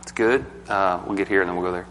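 A man's voice: sits low, fairly even intonation, fast, fairly bright tone, in a large hall. A man teaching a group Bible study in a casual, emphatic way, often asking the group questions.

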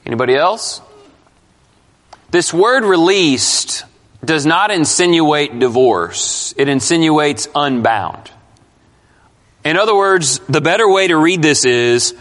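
A man's voice: a little high, expressive, takes it slowly, pauses often, fairly bright tone. A male pastor preaching an expository sermon, emphatic and questioning his congregation. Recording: long hall reverb.

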